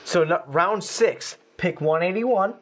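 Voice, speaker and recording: A man co-hosting a sports podcast, talking in an excited, casual and slangy way. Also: high-pitched, slow. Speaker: podcast co-host.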